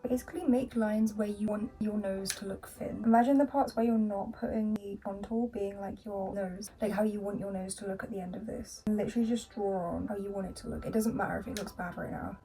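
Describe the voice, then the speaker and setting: A woman's voice: medium pitch, fairly even intonation, fairly quick, few pauses, warm tone. A young woman giving a casual cosplay makeup tutorial in a chatty, playful way with jokey asides. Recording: music playing behind the voice.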